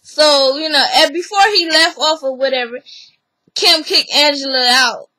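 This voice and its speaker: A woman's voice: sits high, normal speed, no echo, poor audio. A woman vlogger recapping a TV episode in a casual, chatty way. She acts out what people said and laughs often. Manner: animated storyteller who acts out other people's lines.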